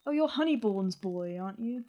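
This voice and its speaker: A woman's voice: medium pitch, lively intonation, dark tone, dull audio, natural voice. A woman playing a pompous spirit dignitary. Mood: condescending. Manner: condescending, halting. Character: pompous self-important male spirit dignitary.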